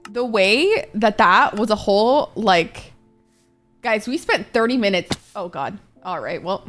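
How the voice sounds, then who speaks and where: A woman's voice: mid-range voice, expressive, unhurried, a bit bright, soft background music. A woman streaming a game live, chatting casually with her viewers, swearing often and reacting to chat.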